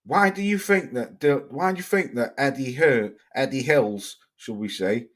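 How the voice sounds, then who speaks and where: A male livestream host from Cheshire, England, rants while reading chat comments, blunt and sweary. His voice is mid-range at a normal speed.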